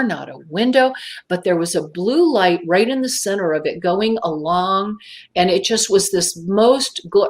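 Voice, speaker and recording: A middle-aged woman telling a personal encounter story as a guest, animated and acting out her own past thoughts. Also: medium pitch.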